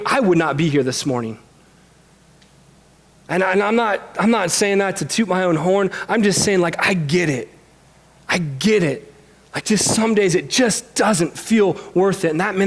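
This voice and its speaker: A man with a notably high voice delivers a sermon in a church. He talks earnestly and candidly, mixing scripture reading with frank talk about his own hard week. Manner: earnest, candid, speaks openly of personal struggle. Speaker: pastor. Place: church sanctuary.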